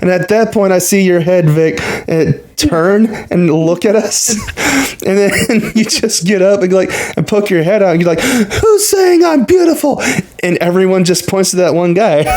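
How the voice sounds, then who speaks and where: A man's voice: high-pitched, unhurried. Laughing man telling a story. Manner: animated storytelling, laughing often. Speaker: podcast host. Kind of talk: casual chat.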